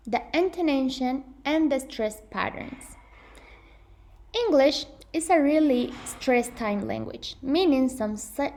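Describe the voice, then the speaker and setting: Her high, slightly mellow voice carries an earnest, careful pronunciation lesson. The young presenter follows a script for teaching English and frequently stops to correct herself.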